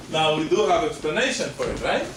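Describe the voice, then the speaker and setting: A male language teacher explaining grammar step by step to a class in a classroom lesson. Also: fairly high pitch. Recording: echoey room, distant mic, noise.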